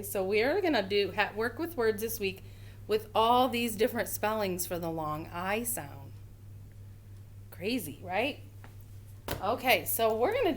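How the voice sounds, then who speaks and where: A woman teaching a first grade phonics lesson, slowly sounding out words for young children. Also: mid-range voice.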